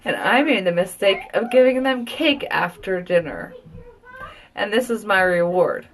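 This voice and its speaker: A woman's voice: mid-range voice, expressive, a little slow, slight background noise. A woman and mother chatting casually at home in a live beauty product review, rambling and gushing. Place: at home, children heard downstairs.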